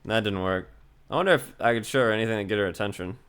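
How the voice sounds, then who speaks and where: A man voicing a dry, weary young male lawyer in a game, speaking in a deadpan, flat manner. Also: fairly low pitch, fast, clear, resonant tone, voice pushed down, close to an everyday voice. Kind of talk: reading game dialogue aloud.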